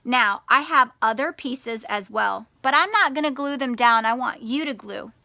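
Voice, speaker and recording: A woman teaching young children in a video lesson, speaking slowly and clearly and stretching out words syllable by syllable. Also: on the high side, pushed and bright, dry recording.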